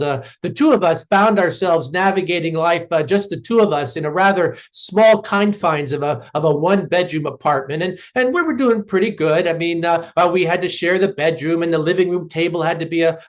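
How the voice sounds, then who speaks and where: A middle-aged man, a professor, telling a personal story in a talk, with frequent fillers and restarts. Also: on the high side. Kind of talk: storytelling lecture.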